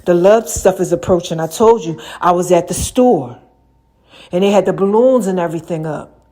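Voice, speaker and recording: A woman hosting her own podcast, talking casually and chattily with slang, swinging between loud laughing bursts and low murmurs. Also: normal speed. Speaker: podcast host. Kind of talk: casual rambling monologue. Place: room with lights and a mirror.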